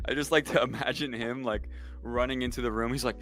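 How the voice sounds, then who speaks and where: A man's voice: medium pitch, a bit bright. A young man giving casual, sarcastic and exasperated political commentary on a livestream.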